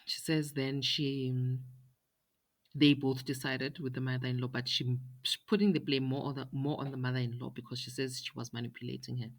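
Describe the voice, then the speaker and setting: A woman's voice: very deep voice, little pitch movement, a little fast. A woman host, telling a personal story emphatically and quoting what others said. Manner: emphatic, retells dialogue in quoted voices. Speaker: podcast host.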